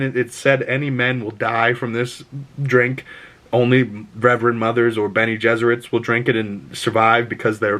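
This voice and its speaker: A man giving a casual, spoiler-filled movie review, chatty and excitable, swearing freely as he talks. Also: mid-range voice.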